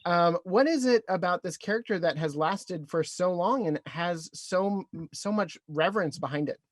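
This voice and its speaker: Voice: mid-range voice, normal speed, no room sound. Upbeat podcast interviewer on a video call. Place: home closet.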